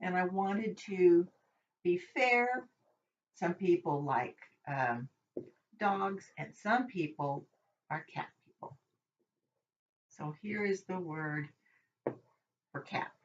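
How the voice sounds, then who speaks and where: A woman's voice: on the low side, animated, slow, long pauses, a little hiss or hum. A woman teaching a casual Hebrew vocabulary lesson, chatting and thinking aloud as she double-checks her work. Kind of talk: informal recorded lesson. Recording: dull lo-fi recording.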